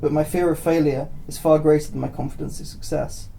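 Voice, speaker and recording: Podcast host, male, reads short writing, raised pitch, gravelly, mellow tone. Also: fairly even intonation, fairly quick, slight background noise. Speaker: podcast host reading stories. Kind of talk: reading short pieces aloud on a podcast.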